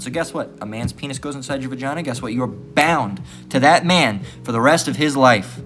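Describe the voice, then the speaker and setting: A man's voice: mid-range voice, a little fast, few pauses, fairly bright tone, faint music behind. A man preaching in a blunt, crude rant, swearing freely and tagging nearly every sentence with "all right?". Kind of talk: profane street preaching rant.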